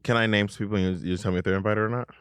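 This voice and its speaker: A man co-hosting a podcast in casual chat, teasing and firing off quick questions. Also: lowish voice, fairly even intonation, a bit bright, clear, resonant tone, no room sound, studio quality. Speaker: podcast co-host.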